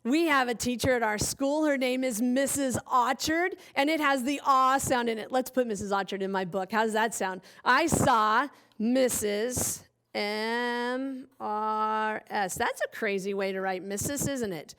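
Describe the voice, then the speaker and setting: A woman's voice: fairly high pitch, moderate pace, hardly any pauses, fairly bright tone. A woman teaching young children a phonics lesson, cheerfully spelling out letters one by one. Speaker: kindergarten teacher.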